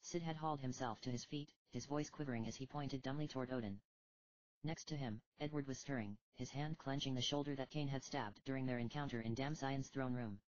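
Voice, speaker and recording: A woman with a low voice narrates a fantasy storybook in a steady, even manner. The recording is dry and close, with a slightly muffled, dull tone. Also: brisk, no room sound. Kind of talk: audiobook reading of fan fiction.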